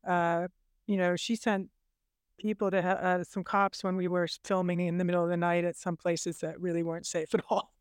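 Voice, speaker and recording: A woman's voice: on the low side, level tone, normal speed, clean tone, dry recording, clean studio sound. A woman documentary director chatting in an interview in a friendly way. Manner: friendly, laughs while talking. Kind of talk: casual interview talk.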